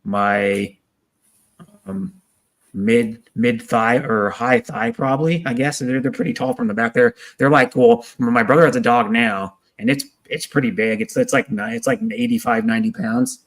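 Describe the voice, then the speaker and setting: A man's voice: mid-range voice, animated, normal speed, creaky. A man in a casual chat on a video call, rambling and often repeating his words. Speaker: co-host.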